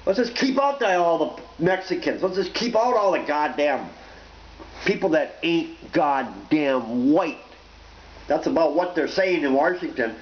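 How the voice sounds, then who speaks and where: A man's voice: fairly high pitch, lively intonation, moderate pace. A man ranting casually to camera, blunt and profane, rambling from point to point. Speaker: vlogger. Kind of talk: casual opinion rant to camera. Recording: roomy, dull lo-fi home recording.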